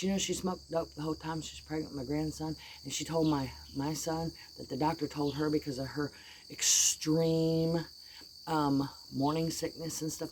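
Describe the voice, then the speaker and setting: Middle-aged woman, low voice, blunt and heated, faint crickets behind. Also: a little mellow, a little hiss or hum. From United States. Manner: blunt, heated, folksy storytelling. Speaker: vlogger. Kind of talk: casual venting vlog.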